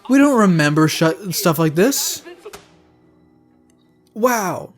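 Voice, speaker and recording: A young man giving excitable, profane reaction commentary while watching a film. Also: high voice, takes it slowly, faint music behind. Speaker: movie reviewer.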